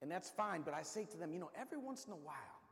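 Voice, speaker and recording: A man's voice: a little high, big pitch swings, racing, gravelly, fairly bright tone, big-room sound. A man preaching a sermon, emphatic and repetitive, calling out to the congregation.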